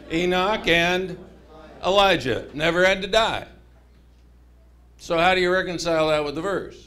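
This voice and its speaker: A man preaching a humorous mini-sermon to a chapel congregation, telling stories animatedly with voices. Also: fairly high pitch. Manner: animated, jokey storytelling with voices.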